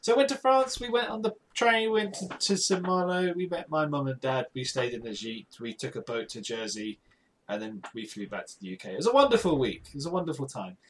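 A man's voice: a little high, a little fast. A man from the UK, a podcast co-host, chatting casually and telling stories with lots of restarts and laughter. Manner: animated storyteller, stumbling restarts, frequent laughter. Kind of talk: casual chat.

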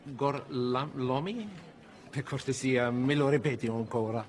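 A man's voice: mid-range voice, fairly even intonation, normal speed, darkish tone, a little hiss or hum, lightly acted. An actor playing a suave, menacing male Nazi officer in film dialogue, speaking in an elaborate, polished, teasing way. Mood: mock polite.

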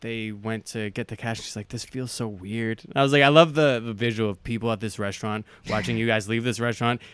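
Irish man telling animated stories. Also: on the low side, fast talker, clean tone, dry recording. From Ireland. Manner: animated, acts out quoted voices while telling stories. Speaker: comedian guest. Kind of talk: casual storytelling chat.

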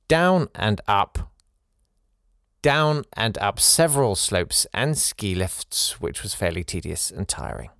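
Lively man reading a listener's story. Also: mid-range voice, no room sound, clean studio sound. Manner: animated, playful asides between read passages. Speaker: podcast host reading listener stories. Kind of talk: reading a listener's letter aloud with asides.

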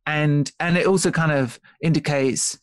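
A man's voice: on the high side, normal speed, dry recording. A man being interviewed as an author on a podcast, explaining ideas thoughtfully with frequent restarts and checking in with "right?". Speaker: author and guest.

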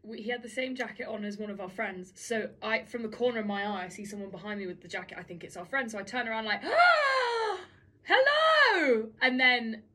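Bright-voiced young woman co-host. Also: mid-range voice, quick pace, few pauses. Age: 20s. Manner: expressive, acts out dialogue in anecdotes. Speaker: podcast co-host. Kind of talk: casual chat.

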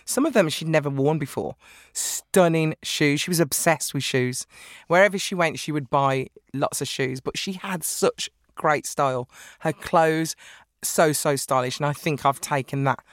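A woman talking as a guest in a podcast interview, lively and chatty, often breaking into laughs. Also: low-pitched, normal speed, no room sound, studio quality. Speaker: guest author. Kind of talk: casual interview chat.

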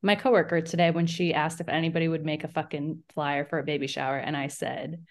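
Chatty woman hosting a podcast, lower voice. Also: quick pace. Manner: animated storytelling, lots of "like" and acted-out quotes. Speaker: podcast co-host. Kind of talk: casual chat.

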